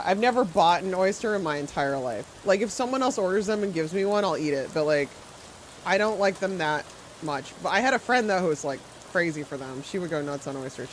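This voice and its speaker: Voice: mid-range voice, slight background noise, low-quality recording. A game streamer in casual live-stream chat, rambling and answering viewers while playing, with firm opinions and frequent filler words.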